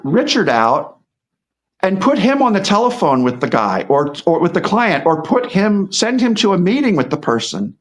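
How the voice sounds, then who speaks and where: A middle-aged man talking casually as a guest, rambling, with lots of restarts and repeated words. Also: sits high. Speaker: guest commentator. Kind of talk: casual conversational commentary.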